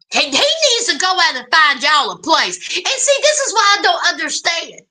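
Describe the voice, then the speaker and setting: A woman hosting a reality TV recap in casual, sassy commentary, with emphatic, drawn-out exclamations and chatty asides to the listener. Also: very high voice, very animated, pushed and bright.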